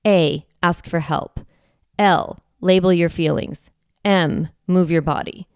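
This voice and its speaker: A woman's voice: lowish voice, a little mellow, clean tone, no room sound, studio quality. A woman hosting a parenting podcast, walking through steps and asking and answering her own questions as if talking to a child. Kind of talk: instructional podcast talk.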